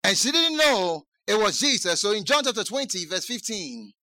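A male pastor preaching a sermon who repeats his phrases and swings from hushed tones to shouting, with slow, drawn-out emphasis. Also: high-pitched, big pitch swings, dry recording.

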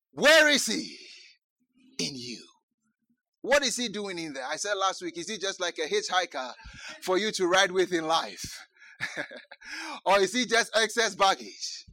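A male pastor preaching a sermon who repeats his phrases and swings from hushed tones to shouting, with slow, drawn-out emphasis. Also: high-pitched, no room sound.

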